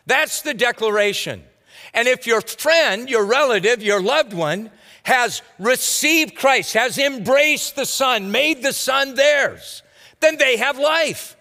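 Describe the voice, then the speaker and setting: A man's voice: very high-pitched, animated, slow pace, pushed and bright, long reverb tail. A man preaching a sermon as a pastor, teaching verse by verse in a conversational, folksy way with casual asides. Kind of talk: expository sermon.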